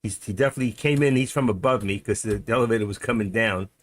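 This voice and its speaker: Rambling middle-aged man, low voice. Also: fast, no room sound. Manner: rambling, muttering to himself, chuckling storyteller. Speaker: livestream host and day trader. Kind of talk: casual live-stream chat while trading.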